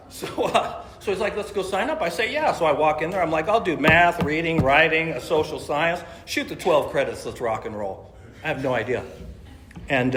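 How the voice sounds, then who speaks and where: A man's voice: a little high, fairly bright tone. A middle-aged man from California telling his recovery story at a meeting, in a casual, slangy way, acting out quoted lines. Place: meeting room. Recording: echoey meeting room, faint ambience.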